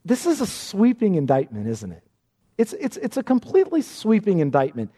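A man's voice: high voice, wildly swooping pitch, moderate pace, mellow, breathy edge. A man preaching an expository sermon, emphatic, often repeating words and restarting phrases as he presses a point.

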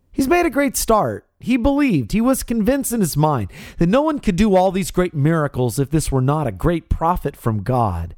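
A pastor preaches a radio sermon in a slightly high, darkish voice that swings widely in pitch, very animated at a normal speed. He's emphatic, pressing each point and rising to stressed peaks. The recording is dry and close, with no room sound.

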